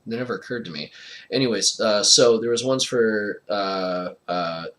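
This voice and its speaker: A man's voice: on the low side, moderate pace, a bit bright. Laughing man rambling through a story. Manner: rambling, laughs often, many fillers. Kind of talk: casual personal anecdote.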